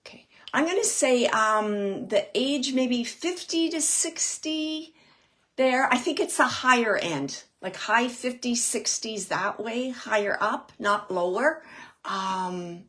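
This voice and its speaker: A woman working as a psychic medium, giving a live reading in a soft, hesitant way, with many pauses, and repeating words as she relays messages. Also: on the high side, expressive. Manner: repeats words and phrases for emphasis. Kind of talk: live spirit reading for an audience member.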